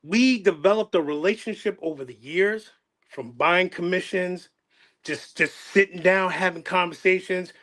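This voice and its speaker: A man's voice: sits high, normal speed, fairly bright tone. A middle-aged man hosting his channel, talking in an emotional, passionate way, repeating phrases and restarting his sentences. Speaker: channel host. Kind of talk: emotional casual chat.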